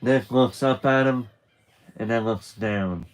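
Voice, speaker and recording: Slow, chatty man reading a story live. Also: mid-range voice, poor audio. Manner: loose and chatty, with restarts and laughter. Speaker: live streamer reading a graphic novel. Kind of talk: casual live read-along narration.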